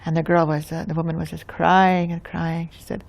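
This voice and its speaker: A woman with a Lakota accent telling a traditional tale in an unhurried way, often restarting phrases. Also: on the low side, level tone, gravelly, darkish tone. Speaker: storyteller. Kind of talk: oral storytelling.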